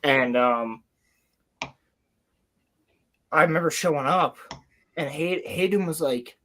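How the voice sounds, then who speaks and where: Excited young man telling a story. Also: fairly high pitch, slow, long pauses. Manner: excited, rambling, swears casually. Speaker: livestream host. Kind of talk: casual storytelling. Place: home, building Lego on stream.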